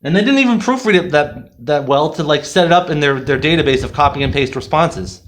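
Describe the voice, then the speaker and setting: A man's voice: a little high, fairly quick, few pauses, fairly bright tone. A man reviewing a product in a casual, rambling, sarcastic rant full of fillers. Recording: roomy echo.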